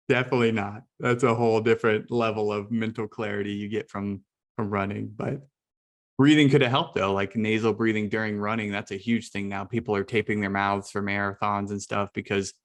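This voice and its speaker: A man's voice: lowish voice, normal speed. A man, a guest breathwork teacher, chatting casually on a video call, with lots of fillers and restarts. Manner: relaxed, filler-heavy, many restarts.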